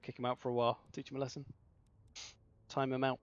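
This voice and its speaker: A man's voice: medium pitch, monotone, fast talker, clear, resonant tone. A man from the south of England, chatting and joking casually while hosting a game tournament on a livestream. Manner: joking, chatty, self-mocking. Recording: slightly dull lo-fi mic, faint music.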